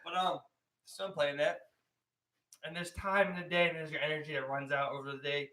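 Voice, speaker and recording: Fast-talking bright-voiced young man. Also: fairly high pitch, level tone, rough recording. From Maryland, US. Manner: rambling, heavy on "like" and "you know". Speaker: podcast co-host. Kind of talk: casual chat.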